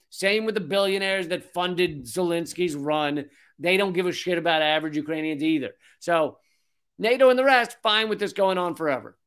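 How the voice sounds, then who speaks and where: A man's voice: fairly high pitch, a bit bright, smooth. A man in his forties hosting a political commentary show, reading an article aloud and breaking off into sarcastic, profane rants.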